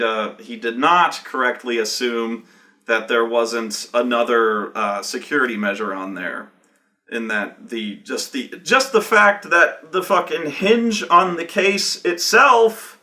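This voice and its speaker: A man's voice: mid-range voice, slow, pushed and bright. A man who ran a tabletop game telling a story from it in a casual, profane, rambling way, with many false starts.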